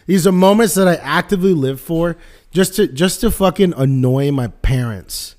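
A young man co-hosting a podcast, telling a story with excitement, laughing and swearing, and acting out the people in it. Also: fairly high pitch, normal speed. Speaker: podcast co-host. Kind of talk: animated storytelling chat.

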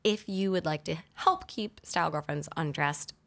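A woman's voice: low voice, moderate pace, gravelly, a bit bright. A woman hosting a podcast in a studio, chatting casually and upbeat, laughing often. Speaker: podcast host.

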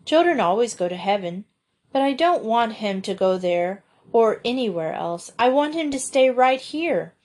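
A blunt young girl with a gift for tales, speaking drearily and bitterly, as a woman reads her. Her voice sits a touch higher than a grown woman's. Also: expressive, moderate pace, darkish tone. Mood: dreary. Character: dreamy, blunt storytelling girl.

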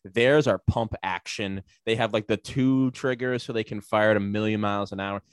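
Rambling, low-voiced man telling a story. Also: normal speed, smooth, dry recording. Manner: rambling, animated storytelling with many fillers; profane, sarcastic. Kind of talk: casual storytelling chat.

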